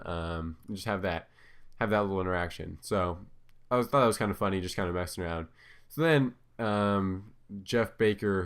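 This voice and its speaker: A man's voice: low voice, smooth. A man giving casual commentary over his own clips, talking hesitantly with many ums and restarts. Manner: filler-heavy, hesitant, self-correcting.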